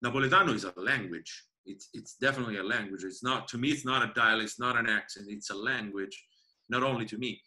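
A man's voice: medium pitch, fast talker, sharp tone. A man with an Italian accent chatting casually about music, often restarting phrases as he searches for words. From Italy. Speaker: guest musician and tour guide. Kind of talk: casual chat.

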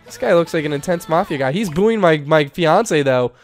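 A young man giving playful, excitable commentary while playing a life-sim game, laughing often. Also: a little high, normal speed. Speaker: gaming YouTuber. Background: faint game music.

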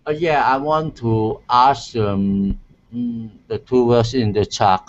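A man takes part in an online English class, asking hesitant questions and carefully repeating sounds after his teacher. He speaks slowly at a middle pitch. The call audio comes through dull and lo-fi. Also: fairly even intonation, slight background noise. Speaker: student. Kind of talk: pronunciation practice in an online class.

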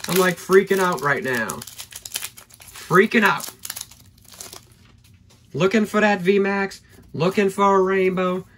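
A man opening trading card packs on camera, excitable and hyped, thinking aloud as he goes and losing his voice. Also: sits high, slow, long pauses, slight background noise. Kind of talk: excited pack-opening vlog.

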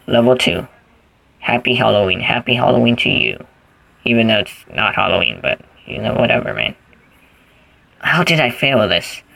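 A man's voice: mid-range voice, gravelly, a bit bright, rough recording. A man giving casual gameplay commentary, rambling goofily and thinking aloud as he plays. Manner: rambling, goofy, thinks aloud while playing. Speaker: gaming channel host.

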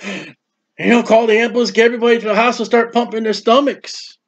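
High-voiced preacher on a dull recording. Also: male voice, steady tone, fast. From United States. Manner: folksy storytelling with acted quotes. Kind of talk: sermon.

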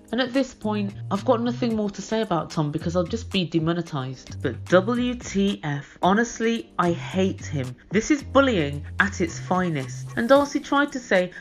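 A woman's voice: a little high, lively intonation, moderate pace, few pauses, faint music behind. Blunt British woman ranting. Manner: blunt, scathing, exasperated. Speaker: reality TV recap host. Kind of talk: opinionated solo commentary.

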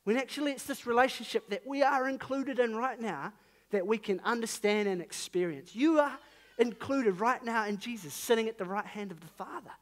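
High-voiced New Zealand man preaching. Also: moderate pace. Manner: earnest, conversational, emphatic rises on key phrases. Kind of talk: sermon.

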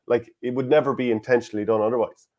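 A man's voice: mid-range voice, fairly even intonation, quick pace, darkish tone. Opinionated Irish man hosting sports chat. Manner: opinionated, reads listener comments aloud. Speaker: podcast co-host.

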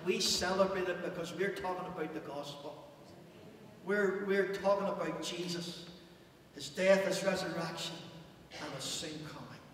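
Male preacher, fervent sermon that swells and drops, high voice, recorded from afar in a reverberant church hall. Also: moderate pace. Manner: impassioned preaching, rising and dropping to near hush. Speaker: pastor. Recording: echoey church hall, distant mic, faint hum.

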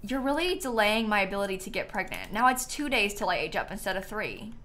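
A young woman chatting casually to her viewers while playing a game live, animated and talking back to the game. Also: mid-range voice, fairly quick, a little hiss or hum. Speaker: streamer. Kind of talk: casual live-stream gameplay chat. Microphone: headset.

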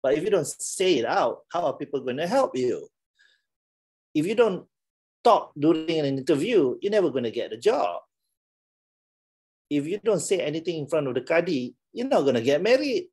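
A man's voice: fairly high pitch, very animated, moderate pace, long pauses, darkish tone, husky. A middle-aged man with a Malaysian English accent, giving a playful, teasing classroom talk and laughing often. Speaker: lecturer.

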